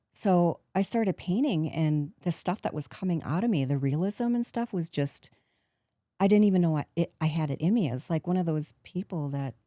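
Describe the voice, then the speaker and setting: A woman in her fifties, a guest in a casual interview, telling stories in a lively way, acting out quotes and laughing often. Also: low voice, no room sound, studio quality. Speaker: guest, actress turned painter.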